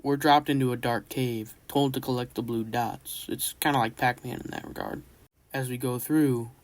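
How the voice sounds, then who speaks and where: A man's voice: medium pitch, fairly even intonation, normal speed, slight background noise. A man giving casual, enthusiastic commentary as a gaming YouTuber walking through a horror game.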